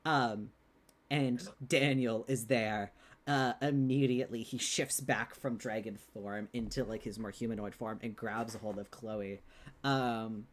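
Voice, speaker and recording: A man's voice: fairly low pitch, steady tone, a little slow. A man narrating a tabletop game as game master, rambling with many "um"s and "like"s.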